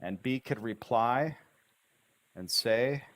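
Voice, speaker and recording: A male English tutor gives a slow, drawn-out pronunciation lesson on a livestream in a medium-pitched, fairly bright voice. He models phrases with exaggerated, bouncing intonation and repeats words syllable by syllable.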